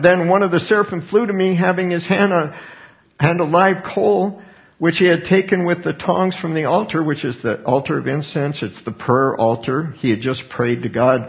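A male preacher giving a sermon, expounding scripture earnestly and breaking into animated asides, on a dull lo-fi recording. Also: a little high, moderate pace.

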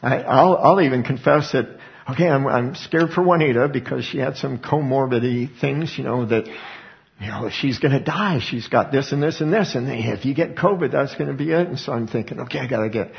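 Gravelly-voiced male preacher, lo-fi recording. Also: mid-range voice, fairly quick. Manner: conversational preaching with repeated word restarts. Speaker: pastor. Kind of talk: sermon. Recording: dull lo-fi recording.

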